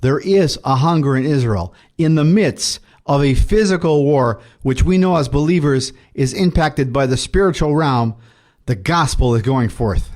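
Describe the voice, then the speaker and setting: A man's voice: mid-range voice, normal speed, a little mellow. Man preaching a ministry update. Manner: preaching, reads scripture aloud. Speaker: Messianic rabbi.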